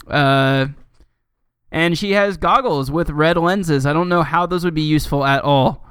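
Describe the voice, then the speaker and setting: A man's voice: on the high side, unhurried, a bit bright, clear, resonant tone, no echo, clean studio sound. A man co-hosting a casual podcast, reading fan writing aloud with sarcastic, profane commentary. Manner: sarcastic, swears often, laughs at the text.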